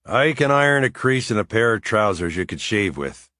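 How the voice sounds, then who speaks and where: A man's voice: on the low side, animated, moderate pace, sharp tone, dry recording, studio quality. A man voicing a cheerful young Irish man who applies as a nanny, chatty and self-mocking, with an Irish accent. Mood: joking.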